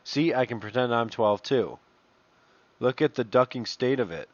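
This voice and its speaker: A man reads posts aloud in a casual commentary voice and breaks off into swearing and mockery. His pitch sits in a middle range. The sound is dull and slightly lo-fi, dry and close with no room echo. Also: moderate pace. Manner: profane, mocking asides between read-out messages. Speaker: commentator reading online posts.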